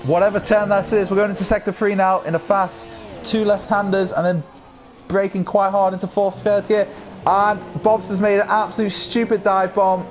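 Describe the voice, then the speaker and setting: A man with a croaky voice giving excitable live commentary on an online racing league, rising to yells at incidents. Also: high voice, moderate pace, a little hiss or hum.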